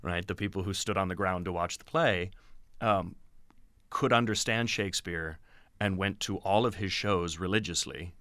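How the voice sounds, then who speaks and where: A man who directs and teaches acting, giving animated, explanatory answers in an interview. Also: sits low, moderate pace, no echo.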